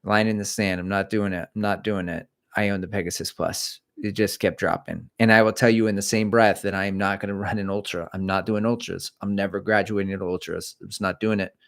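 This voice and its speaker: A man's voice: low voice, brisk, vocal fry, hardly any pauses. Rambling middle-aged man on a livestream. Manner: rambling, self-deprecating, animated chat. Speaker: livestream host reading viewer comments. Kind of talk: casual livestream chat.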